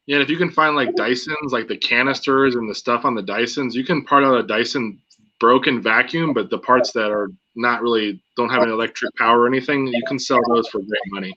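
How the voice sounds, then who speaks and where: A man's voice: mid-range voice, brisk, bright, forceful tone, dull audio. A man co-hosting a casual live stream, making easygoing, laid-back remarks. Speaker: co-host.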